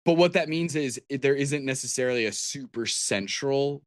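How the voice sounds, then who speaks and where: At a normal speed and in a mid-range voice, this man co-hosts a podcast and rambles casually about tabletop games, restarting often. The sound is clean studio audio with no room sound.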